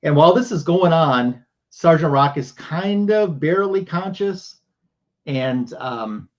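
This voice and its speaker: A man's voice: on the high side, lively intonation, takes it slowly, muffled recording. A man hosting a livestream who retells a comic book panel by panel. He talks casually and uses a lot of fillers. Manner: casual storytelling with many fillers. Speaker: show host.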